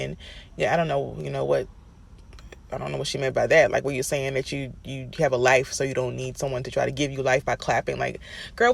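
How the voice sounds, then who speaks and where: A man's voice: mid-range voice, steady tone, a little fast, vocal fry. A man giving a casual, sassy recap rant of a TV episode, telling it in an exasperated, chatty way. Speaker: TV recap commentator.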